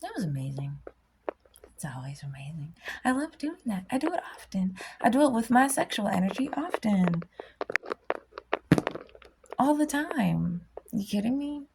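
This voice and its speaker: Gravelly, blunt spiritual vlogger woman. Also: fairly high pitch, normal speed, background noise. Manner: blunt, animated, swings from loud bursts to whispers. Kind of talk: impassioned motivational rant.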